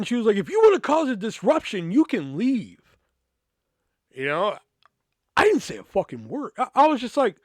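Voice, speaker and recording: A man's voice: sits high, no echo, studio quality. A young man hosting a podcast, telling a story in a casual, profane way and acting out the conversations he quotes. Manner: profane, animated, acts out quoted exchanges. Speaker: podcast host.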